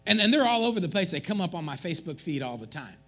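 A man delivers a sermon from the pulpit, his voice pitched high and swinging widely up and down. There is a breathy, husky grain to it, and faint music plays underneath. He teases the congregation as he goes. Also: quick pace. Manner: animated, joking with the congregation. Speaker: pastor. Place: church.

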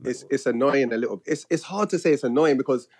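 A man chatting casually as a guest, relaxed and quick to laugh. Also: mid-range voice, husky, no echo. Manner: relaxed, laughs often, loose conversational. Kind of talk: casual chat.

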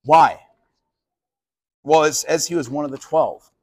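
A man preaching a sermon with a husky, somewhat high voice. He keeps it loose and conversational and slips into the voices of the people in his story. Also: a little slow. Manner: animated, casual, acts out quoted voices. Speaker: pastor. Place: live sermon at a college venue.

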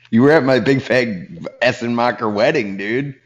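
A man co-hosting a casual podcast over a video call, teasing his friend and telling animated stories from his comedy gigs. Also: medium pitch, dull audio. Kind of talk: casual banter.

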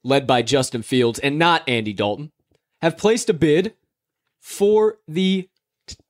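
A man's voice: fairly high pitch, measured pace, no echo, studio quality. A young man from the Chicago area hosting a sports betting podcast in a casual, upbeat, hype-filled way. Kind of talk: casual chat.

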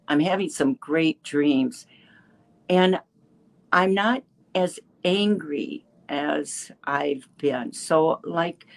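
A woman in her seventies giving a halting personal testimony with many restarts, a little emotional. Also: low-pitched. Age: 70s. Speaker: caller sharing a testimonial.

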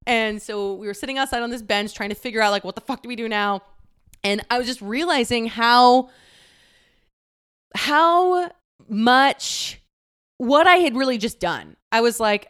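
Candid young woman, clear high voice. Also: moderate pace, a bit bright. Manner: candid, emotional, laughs often, swears casually. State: close to tears. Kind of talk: personal storytelling.

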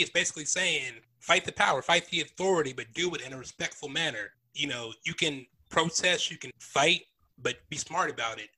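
Bright-voiced man introducing songs. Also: a little high, breathy edge, low-quality recording. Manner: relaxed, explains song background. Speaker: podcast co-host. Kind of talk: casual music commentary.

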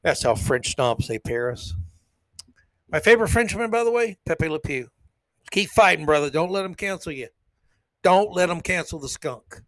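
A man's voice: on the high side, animated, normal speed, fairly bright tone, no echo. Sarcastic man hosting a podcast. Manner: sarcastic, rambling, blunt. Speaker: podcast host. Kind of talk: solo political commentary podcast.

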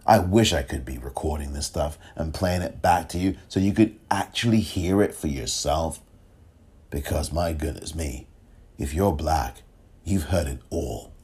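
A man's voice: rumbling low, measured pace, a little mellow, slightly rough. A man hosting his own podcast, talking alone with emphatic rhetorical questions and now and then tripping over his words. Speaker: podcast host. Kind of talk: solo podcast commentary.

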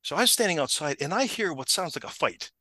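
Middle-aged man, casual storytelling, animated, laughing, bright forceful voice, dry close sound. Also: a little high, quick pace, no room sound. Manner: animated, laughing, acts out the people in his stories. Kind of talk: casual chat, telling a funny story.

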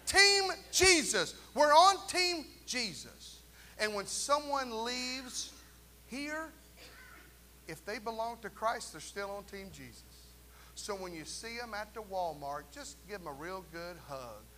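A man preaching a lively sermon in a church, joking with the congregation and calling for responses. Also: high voice, measured pace, slight background noise. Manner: animated preaching with jokes and call-and-response asides. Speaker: pastor. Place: church sanctuary.

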